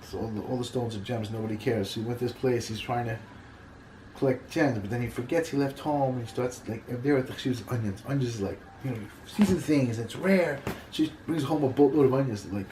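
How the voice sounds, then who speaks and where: Halting man teaching a Torah class. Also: medium pitch, warm tone, echoey room, slight background noise, low-quality recording. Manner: halting, repeats and restarts phrases.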